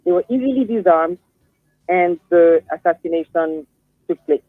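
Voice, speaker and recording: A woman, a guest commentator, giving a measured explanation with frequent fillers in a phone-in discussion. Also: lowish voice, animated, no room sound. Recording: tinny, dry phone line.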